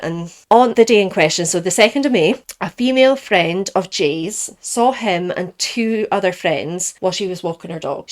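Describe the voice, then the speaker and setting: A woman hosting a true crime podcast, telling the case in a chatty, opinionated way and often correcting herself. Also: fairly low pitch.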